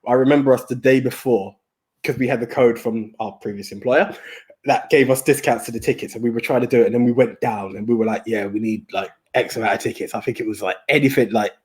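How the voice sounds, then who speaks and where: A man's voice: medium pitch, quick pace, darkish tone. Easygoing, chuckling man. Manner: easygoing, chuckling, repeats himself. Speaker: podcast co-host. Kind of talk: casual film podcast chat.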